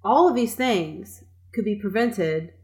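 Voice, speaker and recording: Exasperated nurse in casual chat. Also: female voice, mid-range voice, animated, slow. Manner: conversational, agreeing, quietly exasperated.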